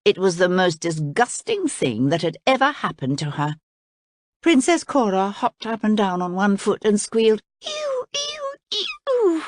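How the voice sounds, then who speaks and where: A woman reading a children's story aloud in an expressive, lively way. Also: medium pitch, moderate pace, no room sound, clean studio sound. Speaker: storybook reader.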